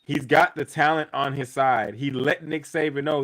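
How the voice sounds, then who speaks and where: A man's voice: medium pitch, steady tone, normal speed, hardly any pauses, a bit bright, poor audio. A man co-hosting a sports podcast, arguing his point emphatically in a casual debate, repeating himself for effect and swearing freely. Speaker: podcast co-host.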